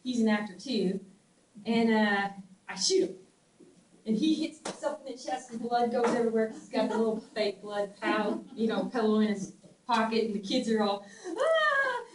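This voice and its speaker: Animated storytelling woman with a twang. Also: fairly high pitch, moderate pace. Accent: Southern US twang. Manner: animated, laughs often, trails off and restarts. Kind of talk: casual storytelling. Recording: echoey room, distant mic, faint ambient noise.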